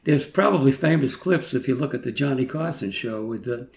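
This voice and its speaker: A man's voice: mid-range voice, expressive, a little fast, vocal fry. An eighty-two-year-old man, reminiscing in casual chat and chuckling as he rambles through stories. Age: 80s. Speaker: guest. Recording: roomy echo, faint noise.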